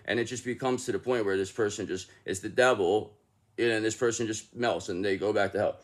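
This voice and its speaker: A man's voice: fairly low pitch, fairly even intonation, fairly quick. A man giving a casual, rambling tarot reading, talking emphatically with restarts and the odd curse word. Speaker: tarot reader.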